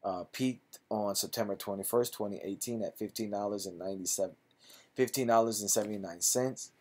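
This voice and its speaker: Male investing host, lower voice, casual stock-analysis read with clipped figures and relaxed asides. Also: a little fast. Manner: reads figures aloud in clipped phrases, then chats loosely.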